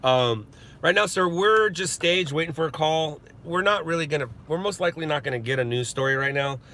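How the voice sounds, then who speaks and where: A news stringer sits in a parked car, talking into his phone and trading jokes with his live-stream viewers. His voice is fairly high, brisk and sharp-toned, and he keeps the casual chat going with frequent laughter.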